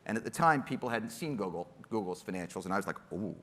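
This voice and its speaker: A man telling an animated, self-mocking story on a panel and acting out the quotes. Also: on the low side, fast talker, big-room sound, a little hiss or hum.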